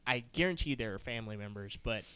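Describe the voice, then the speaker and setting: A man's voice: lowish voice, lively intonation, rapid-fire, sharp tone, smooth. A man, a guest on a casual podcast, telling a story with lots of acted-out quotes and laughter. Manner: acts out quoted voices, laughs often.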